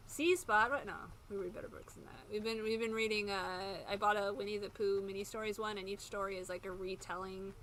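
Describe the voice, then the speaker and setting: A woman's voice: mid-range voice, little pitch movement, fast, few pauses, a bit bright. A woman in her thirties chatting casually while streaming a game, rambling and self-mocking with frequent laughs. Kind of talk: casual gameplay commentary. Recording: game sound noise in the background.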